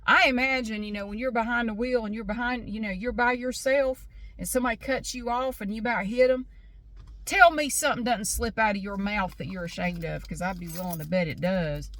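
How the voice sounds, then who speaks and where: A woman's voice: fairly high pitch, steady tone, fairly quick, a bit bright, no room sound. A frank, chatty woman in her fifties from the American South, with a Southern accent, rambling through a casual vlog. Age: 50s. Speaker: vlogger.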